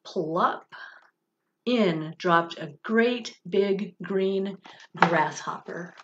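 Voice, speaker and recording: Slow, gentle woman reading a storybook. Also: mid-range voice, a little hiss or hum. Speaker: director of religious education. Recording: dull lo-fi recording.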